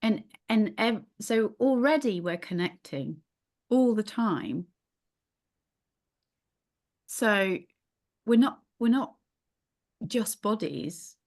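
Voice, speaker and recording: A woman's voice: mid-range voice, lively intonation, takes it slowly, pauses often, darkish tone. A middle-aged woman teaching a yoga class, thinking aloud with frequent restarts. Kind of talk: casual teaching in a small group.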